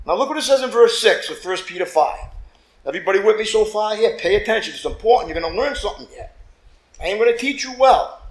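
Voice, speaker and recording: High-voiced preacher in an echoey church. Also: male voice. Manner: lively preacher, acts out quotes, calls for amens. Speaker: pastor. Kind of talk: sermon.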